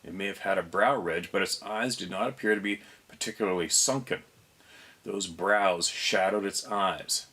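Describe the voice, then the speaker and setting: A man hosting a show, reading a first-person story aloud, unhurried, stopping now and then to reread or fix a slip. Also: low-pitched, bright, forceful tone, husky.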